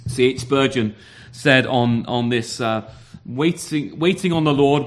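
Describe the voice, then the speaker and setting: A man's voice: medium pitch, slow. A man preaching a sermon, earnest, often repeating words and asking rhetorical questions.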